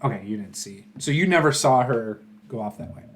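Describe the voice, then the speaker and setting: Calm game master narrating a tabletop game. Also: mid-range voice, a little fast, slight background noise.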